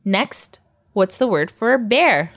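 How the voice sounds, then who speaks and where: A woman's voice: medium pitch, expressive, slow pace, a bit bright. A woman teaching vocabulary to a learner, patient and encouraging, often laughing. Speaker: language teacher.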